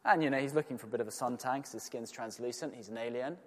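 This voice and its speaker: Earnest preacher in an echoing church. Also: male voice, medium pitch, racing. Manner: earnest, emphatic, with rhetorical questions. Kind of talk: sermon. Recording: long church reverb.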